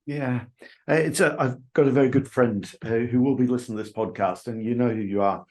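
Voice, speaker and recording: A man's voice: mid-range voice, steady tone, a little fast, a little mellow. A man with an Australian accent hosting a podcast, chatting in a friendly way and asking questions. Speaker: podcast host. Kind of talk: interview conversation.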